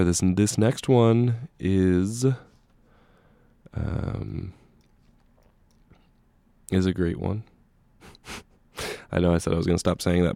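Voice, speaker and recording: A man's voice: low-pitched, creaky, darkish tone, clean tone, no echo, clean studio sound. A young man casually back-announcing songs as a radio DJ, rambling and self-deprecating with lots of filler words.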